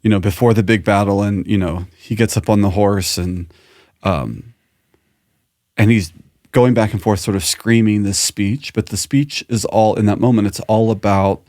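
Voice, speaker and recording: A man co-hosting a podcast, talking in a reflective, earnest way with many restarts, and calmly guiding a breathing exercise. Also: fairly low pitch, normal speed, dry recording. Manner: earnest, thoughtful, trailing restarts; calm guided breathing at close. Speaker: podcast co-host.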